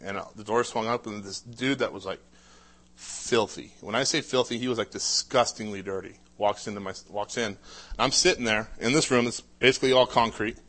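This man's testimony about his life comes out in relaxed, conversational speech, peppered with "uh" and restarted sentences. His pitch is fairly low, his pace moderate, and his tone a little bright.

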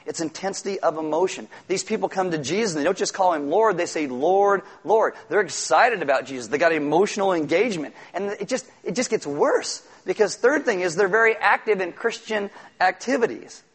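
A man preaching a sermon, animated, acting out quotes and at times shouting for emphasis. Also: fairly high pitch, brisk, few pauses, slightly rough. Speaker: pastor.

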